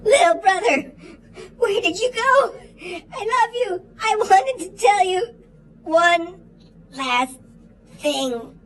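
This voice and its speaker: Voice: medium pitch, sing-song, measured pace, long pauses, low-quality recording. A performer voicing Greg, a goofy, melodramatic boy puppet on a children's show who hams it up and fakes tears. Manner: hammy, teasing, fake-sobbing delivery.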